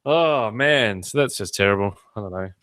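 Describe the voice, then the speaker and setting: A man's voice: fairly low pitch, expressive, moderate pace, fairly bright tone, no room sound. A man hosting a podcast in casual chat, cracking irreverent jokes. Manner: joking, irreverent banter. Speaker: podcast host.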